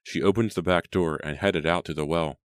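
A man narrating a storybook in a steady, measured way. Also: sits low, clear, resonant tone, dry recording, clean studio sound. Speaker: audiobook narrator. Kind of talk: scripted audiobook narration.

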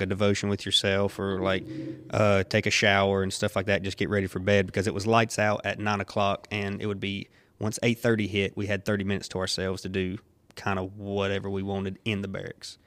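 A man's voice: fairly low pitch, fairly bright tone, no echo. A man, hosting a casual podcast and telling stories with frequent laughs. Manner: storytelling, laughs often, retells quotes. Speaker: podcast host, army veteran.

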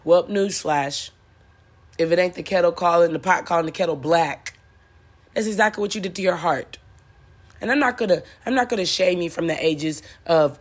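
A woman giving a blunt, profane motivational talk, repeating lines for emphasis and laughing at her own jokes. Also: lowish voice. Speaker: spiritual motivational speaker. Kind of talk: preachy motivational monologue.

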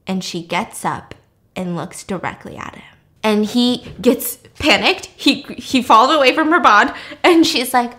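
Animated, foul-mouthed woman recapping a movie. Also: fairly high pitch, unhurried. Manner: animated, profane, jokey storytelling. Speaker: podcast host.

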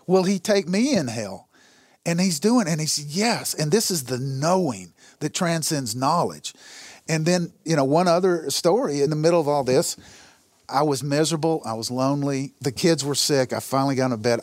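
A man's voice: a little high, normal speed, dry recording. Earnest man telling his story. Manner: earnest storytelling, acts out dialogue with God. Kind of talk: conversational testimony.

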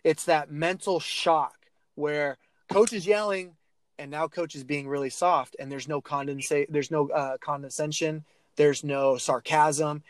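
A man as a podcast guest, telling coaching stories in a casual, animated way with many restarts and fillers. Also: a little high, a little slow. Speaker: guest, athlete mental-skills speaker.

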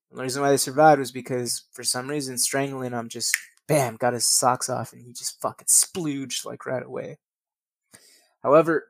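A man's voice: medium pitch, gravelly, no room sound. A man reading a true crime account aloud, stumbling over words and breaking into crude, profane casual asides. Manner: reads from notes with slips, then drops into profane casual asides.

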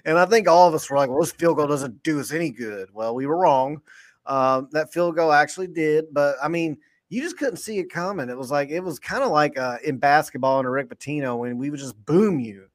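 A man, co-hosting a podcast and rambling excitedly after a football win, full of restarts. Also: on the high side, brisk. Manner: animated, rambling, lots of restarts. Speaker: podcast co-host. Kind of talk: excited postgame sports chat.

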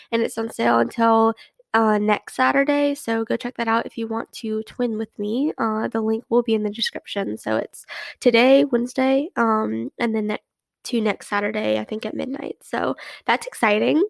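A woman's voice: on the high side, fairly even intonation, normal speed, vocal fry, no echo. A young woman hosting a casual solo podcast, chatty and rambling, full of fillers and restarts. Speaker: podcast host.

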